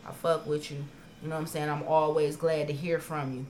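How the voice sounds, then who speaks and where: A woman on a podcast telling stories in casual chat, profane and animated, acting out her own past arguments. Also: sits low, brisk, slight background noise. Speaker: podcast co-host.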